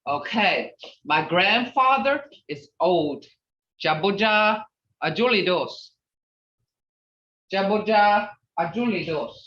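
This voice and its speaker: A woman's voice: mid-range voice, lively intonation, takes it slowly, long pauses. A woman teaching a language class over a video call, patiently repeating each word and drilling it. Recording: roomy, distant, dull video call audio.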